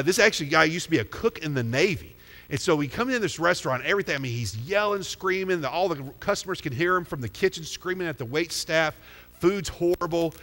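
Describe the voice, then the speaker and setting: A man's voice: on the high side, pushed and bright. A man preaching a sermon as pastor, talking conversationally and putting questions to the congregation. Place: church sanctuary. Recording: long hall reverb.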